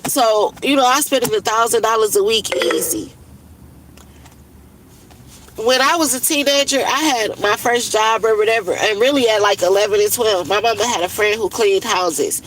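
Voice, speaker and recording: A woman's voice: fairly high pitch, moderate pace, fairly bright tone, slight background noise, rough recording. Blunt, profane woman in her thirties venting. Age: 30s. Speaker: livestreamer. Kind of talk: casual venting monologue.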